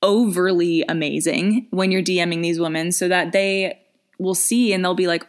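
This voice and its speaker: Young female coach, slightly low voice, casual and chatty, filler-heavy vlog delivery. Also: fairly even intonation, normal speed. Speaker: business coach.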